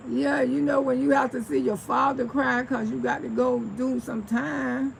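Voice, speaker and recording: Woman, 60s, gravelly, livestream storytelling, chatty, faint background noise. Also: high-pitched, level tone, normal speed, hardly any pauses, low-quality recording. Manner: chatty, reads out and answers viewer comments, laughs often. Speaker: livestream host.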